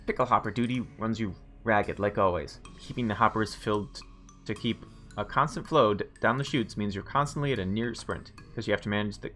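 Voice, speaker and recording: Brief: low-pitched male streamer narrating game text, soft music under. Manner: muses aloud, makes wry asides. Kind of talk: reading game text aloud and commenting.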